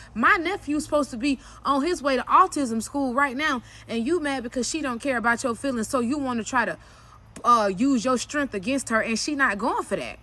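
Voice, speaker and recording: A young woman with a high, bright voice recounts family drama in a candid storytime vlog. She talks bluntly and swears freely. Her voice jumps up animatedly whenever she quotes herself. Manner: blunt, profane and emphatic, often cursing; animated retelling with sharp jumps when quoting herself. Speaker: vlogger telling a personal story.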